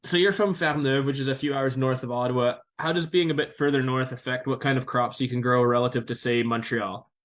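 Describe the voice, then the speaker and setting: A man in his thirties hosting a farming podcast, reading a smooth intro and then chatting with a guest. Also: mid-range voice, steady tone, a little fast, hardly any pauses, a bit bright, low-quality recording. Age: 30s. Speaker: podcast host. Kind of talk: scripted intro, then casual interview.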